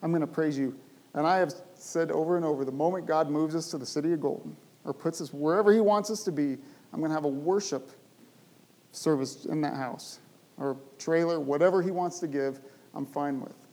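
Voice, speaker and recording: Man preaching, slightly high voice, warm mellow tone, animated emphatic delivery. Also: brisk, rough recording. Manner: animated preaching, rising to loud emphatic bursts. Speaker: pastor. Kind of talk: sermon.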